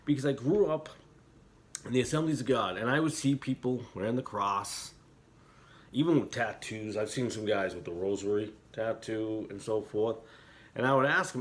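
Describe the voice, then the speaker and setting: A middle-aged man talking as an internet preacher, heated and emotional in places, quiet and somber in others. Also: mid-range voice, lively intonation, normal speed. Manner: heated, talks with rising emotion and repeated apologies; quiet and somber when reflecting. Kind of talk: impassioned religious commentary.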